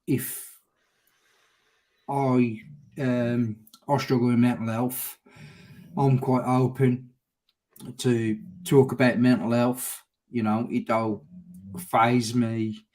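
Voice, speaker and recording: A man's voice: medium pitch, level tone, slow pace, long pauses, a little mellow. A middle-aged man with a Birmingham accent, a guest on a casual live stream, chatting openly and restarting his words, calling people mate. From Birmingham area, England. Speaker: guest, motorcycle vlogger.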